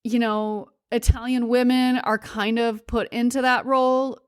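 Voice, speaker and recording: A woman's voice: on the high side, flat delivery, measured pace, smooth, no room sound, studio quality. A young adult woman hosting a podcast, telling a personal story candidly and confessionally, laughing between words. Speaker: podcast host.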